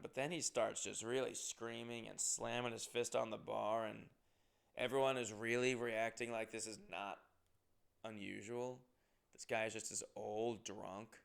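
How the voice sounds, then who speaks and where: A young man, a comedian, telling a profane, animated tour story in a casual monologue, with loud bursts of emphasis. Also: fairly low pitch, normal speed, creaky, smooth.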